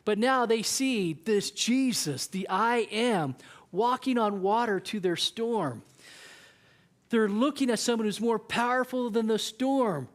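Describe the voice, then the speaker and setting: A youth pastor with a high voice preaches slowly in a casual, conversational sermon. He often acts out the voices of people in his story.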